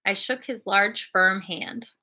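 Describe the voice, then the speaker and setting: A woman reading a classic adventure storybook aloud in a clear, expressive storytelling manner. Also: medium pitch, takes it slowly. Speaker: reader.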